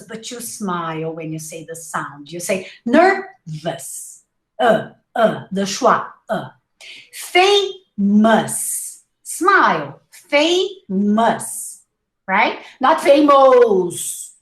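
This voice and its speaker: A woman's voice: on the high side, a bit bright. A woman teaching English pronunciation in a live class, saying each word several times and coaching her students. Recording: echoey room.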